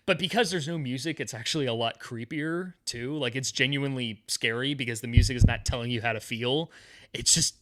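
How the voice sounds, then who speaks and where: A man with a bright, forceful voice chats casually about television. He rambles, restarting his sentences and leaning on fillers as he builds his point. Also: mid-range voice, brisk. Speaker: podcast co-host.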